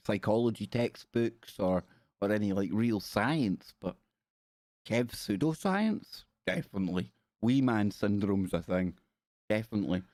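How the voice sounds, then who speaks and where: A man's voice: fairly low pitch, a little mellow, no room sound, clean studio sound. A man hosting a casual livestream, reading articles aloud and breaking off into playful jokey asides. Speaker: livestream host.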